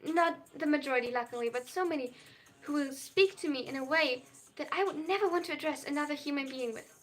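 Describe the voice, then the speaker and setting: With faint music in the background, this young adult non-binary streamer speaks fast in a high, slightly bright voice with a German accent. They earnestly read out chat messages on their live stream and answer each at length.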